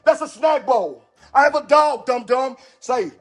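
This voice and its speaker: A young man speaking with a strikingly high pitch, pressing his point over and over. He argues hard from his own doorway and often rises to a shout. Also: expressive, measured pace, faint music behind. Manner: insistent, repeats himself, shouting. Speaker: homeowner at his door. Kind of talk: bodycam confrontation.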